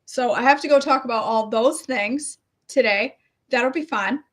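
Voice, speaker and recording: A middle-aged woman talks to her followers in a loose, rambling way and makes fun of herself as she goes. Her voice sits a little high for a woman. The delivery is unscripted and conversational, like a health coach's daily check-in. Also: normal speed. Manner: chatty, rambling, self-deprecating. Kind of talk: casual chat.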